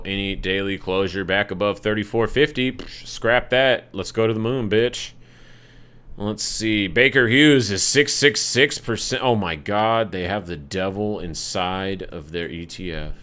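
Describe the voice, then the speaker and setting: A man's voice: sits low, a bit bright, smooth. A young man hosting a live market analysis stream, talking casually through charts with loose, jokey, profane asides. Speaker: market analysis livestream host.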